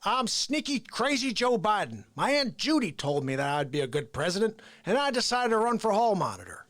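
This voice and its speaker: A sneaky old politician impression from a man, teasing and taunting. The voice rises and falls in a lively way. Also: sits high, brisk, dry recording.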